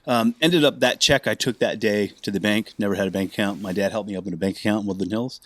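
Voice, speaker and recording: Rapid-talking man telling stories. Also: lowish voice, no room sound. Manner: animated, acts out other people's lines. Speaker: bassist and podcast guest. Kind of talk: casual storytelling.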